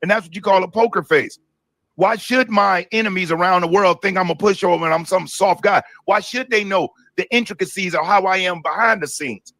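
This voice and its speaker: A man with a notably high, bright voice talks through political clips on a live stream. He explains his opinions in a casual, steady way, and his voice sounds close and dry. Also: a little fast, dry recording. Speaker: co-host of a live commentary stream.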